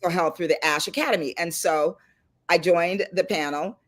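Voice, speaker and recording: A middle-aged woman hosting a casual chat and telling stories with animated delivery. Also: fairly low pitch, normal speed. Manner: lively storyteller, animated and laughing. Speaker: host. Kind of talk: casual chat on a video call panel.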